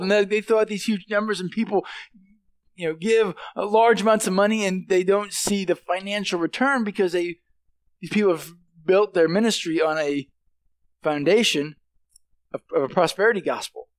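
A man preaching a sermon in a casual, halting way, restarting phrases and turning to the congregation with questions. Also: sits high, dry recording. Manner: halting, with many restarts and "right?" asides to the congregation. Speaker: pastor.

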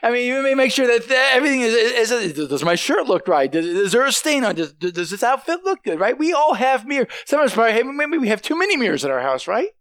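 A male pastor with a high-pitched voice, preaching in a loose, conversational way full of restarts. He often checks in with the congregation with quick questions. The sound is close and dry. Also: sing-song, fairly bright tone, no echo. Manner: halting, with many restarts and "right?" asides to the congregation. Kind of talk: sermon.

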